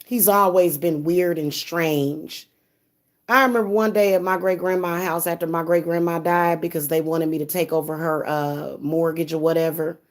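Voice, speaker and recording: A woman's voice: fairly low pitch, steady tone, normal speed. A young woman venting angrily in a vlog, cursing heavily and stumbling over repeated words when upset. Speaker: spiritual reader and vlogger. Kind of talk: angry, profane venting monologue.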